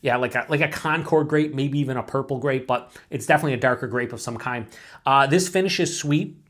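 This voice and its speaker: A man's voice: medium pitch, a little fast, fairly bright tone. Male beer reviewer, solo vlog, loose and rambling, filler-heavy, casual swearing. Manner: talks to himself with self-mocking asides.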